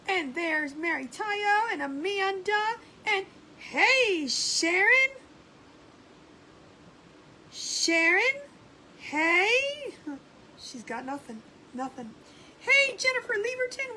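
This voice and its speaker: A woman's voice: very high voice, pushed and bright, a little hiss or hum, poor audio. A woman hosting a casual craft livestream, chatting and greeting viewers by name and laughing often. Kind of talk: casual live-stream chat.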